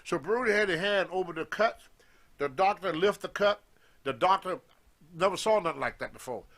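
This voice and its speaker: A man telling a story in casual talk, animated and acting out the voices of the people in it, with loose grammar. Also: high-pitched, moderate pace. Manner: animated, acts out others' voices in his stories, loose grammar. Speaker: guest storyteller, former wrestler.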